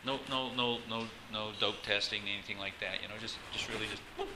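A man's voice: on the low side, fairly even intonation, fairly quick, hardly any pauses, noisy background. A pastor preaching a conversational sermon, often asking the congregation questions and restarting his phrases.

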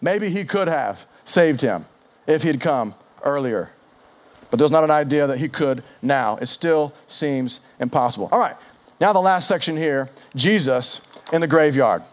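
A male pastor delivering a sermon in a lively, conversational way. He acts out quoted lines with sudden rises and drops in pitch and volume, and his voice sits a little on the high side. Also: moderate pace. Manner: animated, acts out quotes with big shifts in pitch and loudness.

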